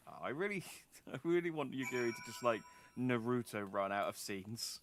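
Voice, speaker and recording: A man's voice: mid-range voice, animated, normal speed. A male streamer casually commenting on a game in a playful, joking way and laughing often. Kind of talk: let's play commentary.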